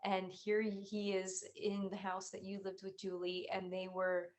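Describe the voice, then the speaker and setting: A woman hosts a relaxed conversation, summing up what her guest has told her. Her voice sits at a middle pitch. She keeps a very flat, level delivery. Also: measured pace. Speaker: host. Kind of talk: casual interview chat.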